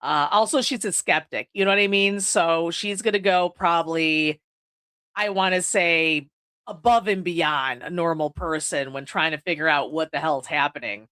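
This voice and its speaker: Her voice sits low, with a fairly bright tone and a normal pace. The woman is hosting a podcast on video indoors, loosely recapping a horror movie while swearing freely and filling her lines with "like."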